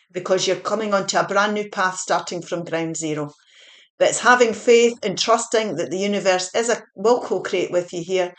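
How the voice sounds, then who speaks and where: Woman, tarot reader; earnest, repetitive, encouraging delivery with fillers. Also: mid-range voice. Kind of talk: spiritual tarot reading.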